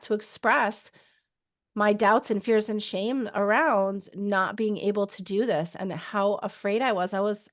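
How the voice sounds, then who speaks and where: A woman podcast host speaking in a halting, reflective way with many fillers. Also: medium pitch. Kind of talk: casual interview chat.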